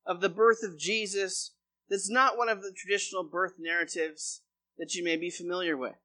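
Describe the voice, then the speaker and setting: A man's voice: high-pitched, bright, forceful tone. A man preaching a sermon as pastor, reading a long scripture passage aloud before explaining it.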